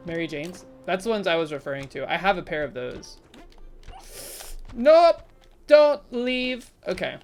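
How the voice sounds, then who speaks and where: A woman streaming a game live, chatting casually with viewers in a playful way and breaking into sudden loud exclamations. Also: low-pitched, fast, hardly any pauses, soft background music.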